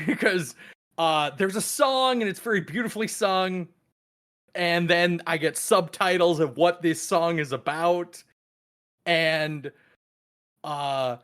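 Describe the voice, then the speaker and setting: A man rambles through a casual podcast chat, swearing and laughing between thoughts. His voice sits a little high for a man. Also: takes it slowly, fairly bright tone. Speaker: podcast co-host.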